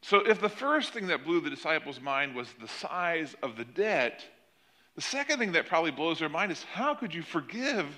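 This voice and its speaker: A middle-aged man preaching a sermon, telling the story with animated swings between loud emphasis and quiet asides. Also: fairly high pitch, moderate pace. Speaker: pastor.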